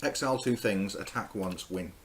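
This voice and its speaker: A man's voice: lowish voice, normal speed, slight background noise. Man deliberating in casual chat. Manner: deliberating, explains step by step. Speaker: co-host building a card deck.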